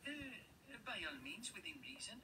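A man voicing a sly male camel spy in a puppet comedy sketch, in a hushed Spanish-accented whisper. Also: high-pitched, very animated, unhurried, distant mic, crowd noise, low-quality recording. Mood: coy. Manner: secretive, coy.

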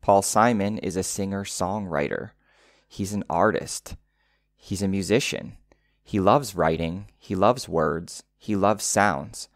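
A man's voice: low voice, slow pace, no room sound. A man teaching English through a song, patiently explaining one word at a time for learners. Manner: patient, spells out word meanings step by step; drops into a soft whisper to demonstrate.

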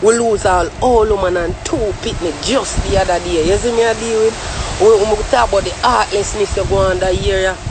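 A young Jamaican man talks straight at the camera in heavy patois, in a voice that sits high for a man. He swears freely and keeps asking the listener if they follow him. Faint street noise hums behind him outdoors. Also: a little fast. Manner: loud, swearing, animated rant with frequent asides to the listener. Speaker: vlogger. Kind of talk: ranting year-in-review vlog in patois.

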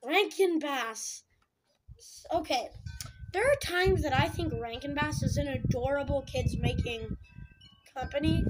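A young woman rants about a film with dramatic, sarcastic exasperation. Her voice sits high. She drags her words out slowly. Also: over music. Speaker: film reviewer. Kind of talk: casual film review chat.

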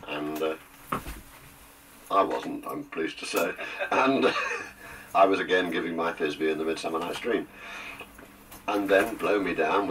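An older Englishman with a rumbling low voice is a guest on a radio interview, heard through a distant mic over background noise. He reminisces with jokes, telling stories theatrically with plenty of asides.

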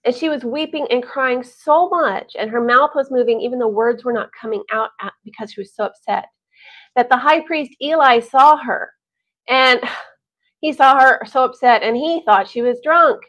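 A woman telling a Bible story to families, animated and chatty, with sighs and laughs. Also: high-pitched, moderate pace. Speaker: Bible teacher. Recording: dull lo-fi recording.

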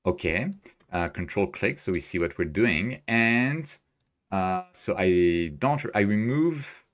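His voice sits on the low side, animated but slow. He is a man streaming astrophotography live from his Tokyo home desk, narrating his thoughts as he works on screen and cheerfully reading out and replying to chat.

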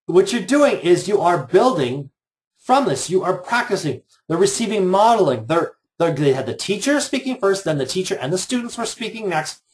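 A man's voice: sits high, very animated, normal speed. A middle-aged man leading a live online workshop for teachers, chatty and joking, with sarcastic asides. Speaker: teacher trainer.

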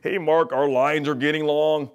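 A man voicing an excited male store manager paging a worker over the store's PA, repeating the same call. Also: a little high, moderate pace, voice pushed up, close to an everyday voice.

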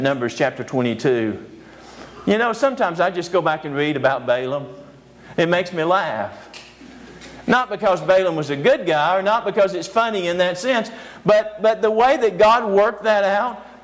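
A man's voice: sits high, poor audio. A male preacher giving a sermon lecture, telling a story animatedly with humorous asides.

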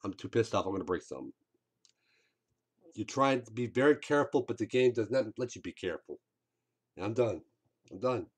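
A man's voice: on the low side, expressive, brisk, pauses often, slightly rough. A man streaming a game, commenting live with frustrated outbursts and swearing.

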